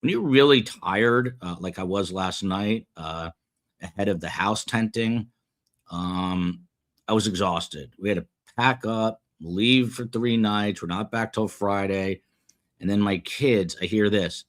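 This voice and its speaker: A man's voice: lowish voice, normal speed, fairly bright tone. A middle-aged man hosting a live stream, reading chat comments aloud in a rambling, self-deprecating way with many fillers.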